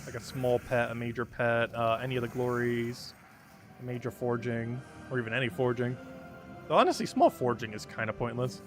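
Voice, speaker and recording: A man's voice: medium pitch, normal speed, faint music behind. A man chatting casually as a live streamer while playing, answering his chat and laughing often. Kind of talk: casual gameplay commentary.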